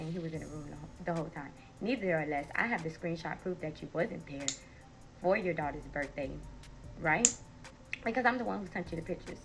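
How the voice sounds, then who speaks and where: Young woman, gravelly, lowish voice, sassy, storytime vlog. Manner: sassy, direct, addresses viewers as y'all. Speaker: storytime vlogger. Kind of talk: casual storytelling to followers.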